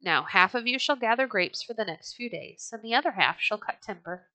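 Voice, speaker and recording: A bold young Norse leader who speaks firmly and gives clear orders to his men, read by a woman. The voice is bright and clear, in a dry, close sound. Every word is earnest, as in a storybook. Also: fairly high pitch, expressive, brisk, dry recording. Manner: firm and earnest storybook delivery.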